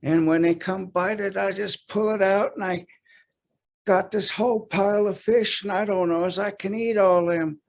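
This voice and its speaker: A man voicing a sly, scheming male fox in a spoken folk tale, talking smoothly and persuasively. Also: high-pitched, fairly even intonation, moderate pace, pitched above the performer's own voice. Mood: boastful.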